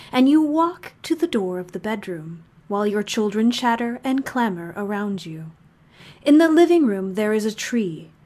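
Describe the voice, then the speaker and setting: A woman voicing a cheerful, macabre monster who hosts a fictional radio broadcast from under the bed, with a measured announcer delivery full of morbid relish. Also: a little high.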